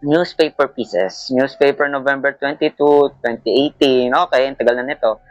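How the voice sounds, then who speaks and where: A man commenting on a horror game as he plays, jumpy and excitable, yelping at scares. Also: medium pitch, moderate pace, dry recording, highs cut off, faint music behind. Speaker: gamer playing a horror game. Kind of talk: let's play commentary, mixing Tagalog and English.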